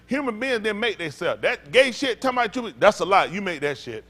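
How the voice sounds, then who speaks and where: A man's voice: high-pitched, big pitch swings, a little fast, bright, forceful tone. A man preaching as a pastor in a blunt, profane, rambling informal sermon.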